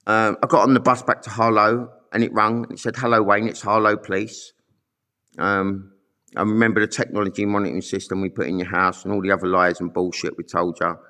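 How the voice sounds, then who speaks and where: A man's voice: lowish voice, level tone, a little fast, sharp tone. A middle-aged man telling his own story in a blunt, sweary, rambling monologue full of fillers. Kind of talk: angry monologue to camera.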